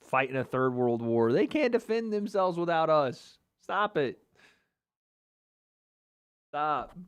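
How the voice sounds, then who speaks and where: A man's voice: a little high, expressive, slow pace, clean tone. A man hosting a casual livestream watch party, reading chat comments aloud and joking and trash-talking with lots of laughter. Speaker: livestream host.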